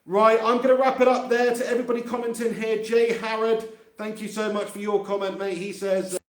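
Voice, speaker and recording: A man with a high-pitched, brisk voice that barely moves in pitch hosts a live fan reaction stream for his fan channel. Chatting casually, he laughs often and reads out viewer comments, holding the mic close to his face in an echoey empty room.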